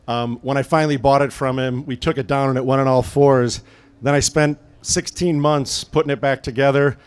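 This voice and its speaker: A man from the American Midwest giving a casual storytelling talk at a car event, conversational with frequent "um" fillers. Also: mid-range voice. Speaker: guest speaker at a car event.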